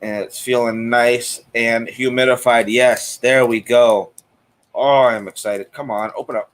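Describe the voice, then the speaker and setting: Male host for a live cigar chat show; relaxed, talkative, mid-range voice. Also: medium pitch, unhurried. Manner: chatty, greets viewers by name, frequent fillers. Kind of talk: casual live-stream chat.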